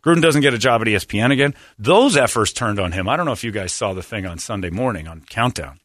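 A man's voice: lowish voice, expressive, fast talker, a bit bright, no echo, clean studio sound. A middle-aged man hosting a radio show, talking in a blunt, sarcastic, rambling way. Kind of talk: casual talk radio banter.

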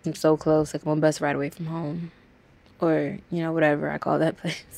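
A woman in her twenties from Washington, D.C., a college student speaking candidly and quickly in an interview, acting out the exchanges she retells. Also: sits low, flat delivery, gravelly, darkish tone. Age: 20s. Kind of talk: recorded interview.

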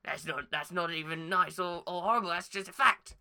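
A woman improvising a comic story, making dry, deadpan asides. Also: fairly low pitch, fairly quick, clean tone.

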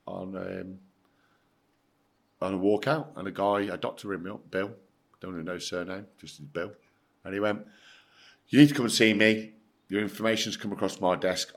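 Blunt, deep-voiced English man telling his story. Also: moderate pace, a bit bright. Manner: blunt, emphatic, swears, acts out quoted dialogue. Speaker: podcast guest, former footballer. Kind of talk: casual storytelling interview.

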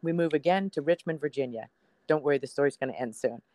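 In a dry recording, a woman in her sixties speaks quickly in a low, dark voice. She's a TV meteorologist appearing as a guest on a podcast, chatting her way through a personal story and acting out what people said to her.

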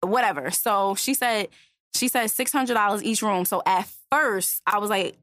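A young woman co-hosting a podcast, telling a story in animated, swearing casual chat. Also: mid-range voice, normal speed, no echo, studio quality. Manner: animated, swearing, frequent restarts. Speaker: podcast co-host.

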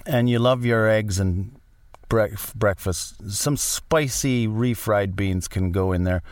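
A man's voice: on the low side, takes it slowly, smooth, no room sound. A man in his forties chatting casually as a guest, rambling and self-deprecating, often restarting his sentences. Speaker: podcast guest. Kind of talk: casual chat.

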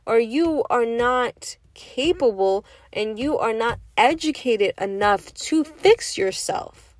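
Woman, high pitch, slow deliberate delivery, dry close sound; blunt opinion piece full of rhetorical questions. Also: expressive, no room sound. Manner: emphatic, repeats rhetorical questions, curses. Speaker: vlogger giving opinions. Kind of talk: casual monologue.

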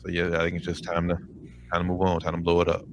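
A man co-hosting a casual sports podcast, laid-back and halting, often repeating his words. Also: low-pitched, monotone, muffled recording, noisy background. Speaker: podcast co-host.

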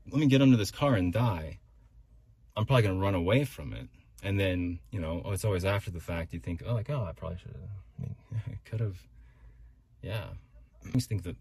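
A man's voice: sits low, darkish tone, slightly rough. A man hosting his own podcast, rambling through a solo monologue with many restarts. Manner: rambling, restarts, talks himself through complaints. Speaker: podcast host.

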